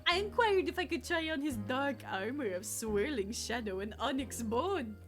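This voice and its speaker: A woman's voice: high-pitched, lively intonation, normal speed, music in the background. A woman voicing a flamboyant, vain male vampire who visits a tavern, reading the game's lines in a theatrical, self-satisfied way. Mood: airy. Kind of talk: reading video game dialogue aloud.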